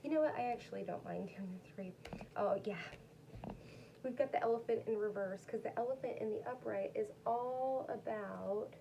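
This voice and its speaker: A woman's voice: on the high side, moderate pace, gravelly, warm tone, slight background noise, poor audio. A woman doing a casual, rambling tarot card reading, chatting to her viewers. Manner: chatty, rambling, talks to her dog between cards. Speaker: tarot reader.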